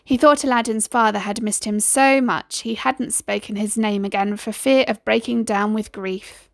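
A woman storyteller reading aloud in a steady, expressive way. Her voice has a gravelly fry at mid pitch, recorded close and dry. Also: normal speed, dry recording. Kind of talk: storybook narration.

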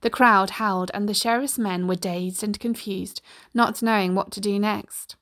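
A woman's voice: medium pitch, moderate pace. Woman reading a storybook aloud. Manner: steady, expressive storytelling. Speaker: narrator.

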